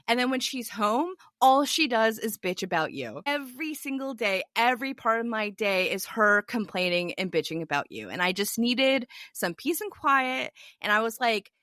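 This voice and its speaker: Bright young woman telling a story. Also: fairly high pitch, no echo, studio quality. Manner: animated storyteller, quotes others in a lively voice. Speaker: podcast guest. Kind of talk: casual storytelling chat.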